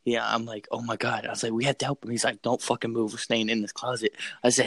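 A man's voice: mid-range voice, quick pace, few pauses, no echo, low-quality recording. Young guy telling a creepy story, swears a lot, dry close sound. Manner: excited, profane, repeats phrases. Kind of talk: casual story.

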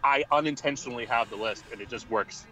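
A man's voice: mid-range voice, fast, sharp tone, low-quality recording. A young man co-hosting a wrestling podcast in casual chat, rambling and laughing often as he talks. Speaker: podcast co-host.

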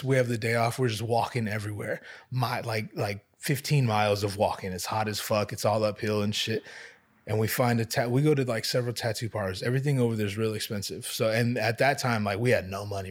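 A man's voice: fairly low pitch, fairly even intonation, a little fast. A man in his thirties hosting a casual chat, telling stories in a laid-back, slangy, profane way. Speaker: podcast host.

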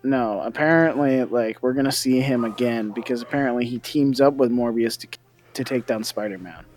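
A man's voice: medium pitch, moderate pace, darkish tone, faint music behind. A man co-hosting a casual podcast chat, hesitant and often stumbling over names and correcting himself. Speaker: podcast co-host.

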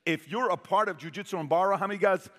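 Animated man storyteller in a reverberant hall. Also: high-pitched, fast. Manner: animated, quizzes the audience, swings from loud to hushed. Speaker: motivational speaker. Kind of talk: storytelling talk to a live audience. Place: large hall with an audience.

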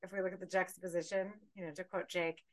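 A woman co-hosting a podcast in casual chat, telling stories in an animated way, laughing and swearing freely. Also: lowish voice, fast. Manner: animated, laughing, profane storytelling. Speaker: podcast co-host.

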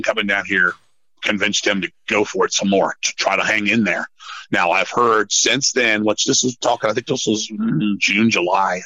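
A middle-aged man telling stories in a casual podcast chat, swearing often and rambling in an animated way. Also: mid-range voice, no echo, lo-fi sound. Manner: profane, animated, rambling storyteller. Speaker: podcast guest, metal musician.

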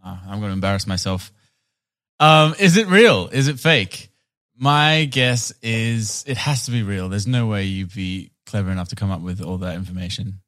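A man's voice: fairly low pitch, normal speed, fairly bright tone. Tired, hungover man chatting on a podcast. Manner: tired, reacts with exclamations. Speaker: podcast co-host. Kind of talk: casual chat.

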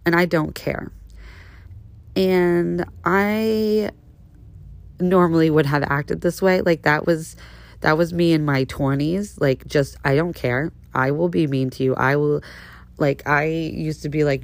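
This podcast host is a low-voiced woman delivering a casual storytelling monologue, and she takes her time with it. She's sassy, petty, and animated, calling her listeners honey.

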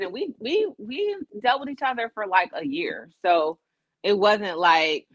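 A woman's voice: medium pitch, fairly bright tone, no room sound, highs cut off. A woman co-hosting a podcast, chatting casually in a candid, self-deprecating way. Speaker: podcast co-host. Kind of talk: casual chat.

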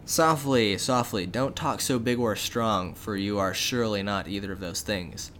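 A man voicing a tall, menacing old fiend in tattered rags, speaking slowly in old-fashioned phrases. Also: lowish voice, fairly bright tone, a little hiss or hum, lightly acted. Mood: threatening.

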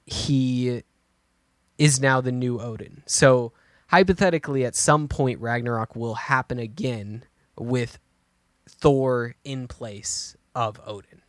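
A man co-hosting a casual podcast, talking through his ideas with a gravelly edge. He rambles and restarts as he thinks aloud. The sound is dry and close to the mic. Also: medium pitch, no echo. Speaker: podcast co-host. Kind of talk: casual chat.

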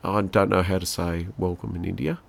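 A man's voice: deep voice, steady tone, a little fast, vocal fry. A middle-aged Australian man, co-hosting a podcast, chatting casually and rambling through stories with his son. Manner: rambling, chatty storyteller with laughs. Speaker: podcast co-host and father. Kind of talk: casual chat.

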